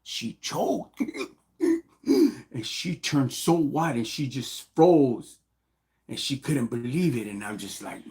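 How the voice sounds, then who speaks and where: A middle-aged man telling a personal story casually on a live stream, animated and slang-heavy, acting out what people said. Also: medium pitch, slow.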